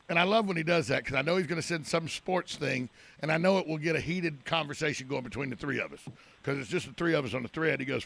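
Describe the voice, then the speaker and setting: Gravelly rambling male radio host. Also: on the high side, fairly quick, a bit bright. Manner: rambling, joking, self-deprecating. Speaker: radio talk show host. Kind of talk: casual on-air chat. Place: radio studio.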